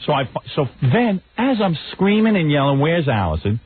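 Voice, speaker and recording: A man's voice: a little high, moderate pace, breathy edge, dry recording. A man hosting a radio talk show, telling a comic story and acting out the quotes in a raised voice. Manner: animated, acts out quotes in raised voice. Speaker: radio host. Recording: tinny phone-like radio broadcast.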